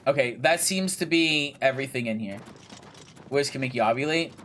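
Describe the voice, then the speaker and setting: A man's voice: medium pitch, moderate pace, fairly bright tone, a little hiss or hum. A young man casually commentating his gameplay, chatty and jokey, swearing freely and talking to himself and the game characters. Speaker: gaming video creator.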